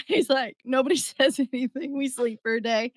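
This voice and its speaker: A young woman guest tells her story in easy, animated chat, laughing along the way. Her voice sits somewhat high. The sound is dry and close, with little room around it. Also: moderate pace, dry recording. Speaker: podcast guest. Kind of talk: casual storytelling.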